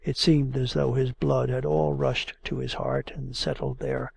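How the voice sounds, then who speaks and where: A man narrating a classic novel as an audiobook, measured and expressive. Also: mid-range voice, gravelly, a little hiss or hum.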